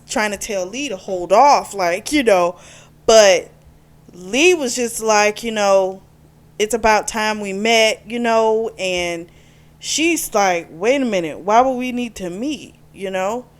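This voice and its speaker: A woman reviewing a romance novel in a casual chat, retelling the plot and acting out the characters' lines. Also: medium pitch. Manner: chatty retelling, acts out quotes with "she's like". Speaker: book reviewer.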